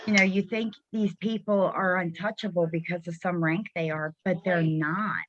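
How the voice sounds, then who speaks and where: A middle-aged woman with a notably low voice hosts a casual chat over a video call, upbeat and encouraging. The sound is dry and close, with dull, lo-fi call audio. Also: steady tone, normal speed, dry recording. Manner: encouraging, enthusiastic. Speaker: host.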